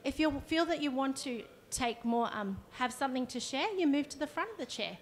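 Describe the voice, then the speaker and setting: A woman's voice: high-pitched, lively intonation, brisk. Woman giving a workshop talk. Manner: conversational, demonstrates as she explains. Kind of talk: live presentation to an audience.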